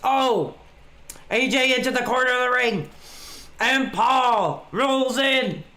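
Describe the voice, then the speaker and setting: Watching a wrestling match on a webcam stream, a man reacts to the action in a laid-back, chatty way. His voice is very high-pitched, bright, and forceful, and he speaks slowly.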